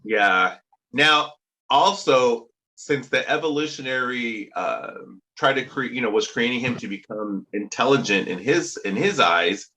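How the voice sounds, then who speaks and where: A man talks casually on a movie podcast. His voice is lively and bright, and he often stops to ask the others questions. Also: mid-range voice, unhurried. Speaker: podcast co-host. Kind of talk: casual chat.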